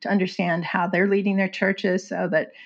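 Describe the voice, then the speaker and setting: A woman speaking as an author and guest in a conversational interview, earnest and animated, laughing often. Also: mid-range voice, moderate pace, creaky. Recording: slightly dull lo-fi audio.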